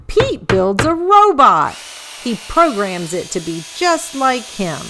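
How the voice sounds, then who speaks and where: Animated woman reading a storybook. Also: on the high side, slow, very noisy. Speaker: children's book reader. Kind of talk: storybook read-aloud.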